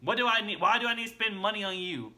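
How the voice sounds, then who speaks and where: A man's voice: sits high, animated, fast, sharp tone. A man hosting a reaction video, giving blunt casual commentary and peppering it with slang. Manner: blunt, repeats himself, slangy with "bro".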